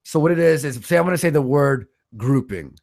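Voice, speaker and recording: A man hosting a livestream, reading out donations in blunt, swear-heavy casual chat, with a stutter and a voice roughened by smoking. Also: fairly high pitch, animated, a little fast, darkish tone. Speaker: livestream host.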